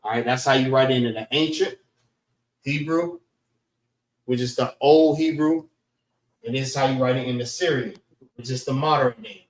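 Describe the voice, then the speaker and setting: A man teaching a class in a casual, drawn-out way, often checking in with "all right?". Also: mid-range voice. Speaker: class instructor. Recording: echoey room.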